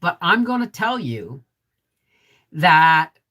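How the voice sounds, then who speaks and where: Middle-aged woman host, low husky voice, deep and resonant, chatty, talks right to the viewers. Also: sing-song, takes it slowly, a bit bright. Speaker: homesteading vlog host. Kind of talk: casual live-stream chat reading viewer comments.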